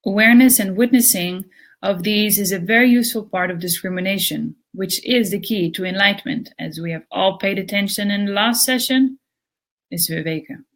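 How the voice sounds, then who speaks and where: A woman co-presenting a yoga lesson, reading the commentary aloud in a steady, measured way. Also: medium pitch.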